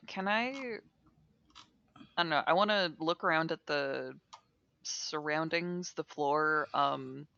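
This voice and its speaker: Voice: medium pitch, gravelly, sharp tone, highs cut off. A player in a tabletop game, thinking aloud hesitantly about what to do. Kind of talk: casual tabletop play.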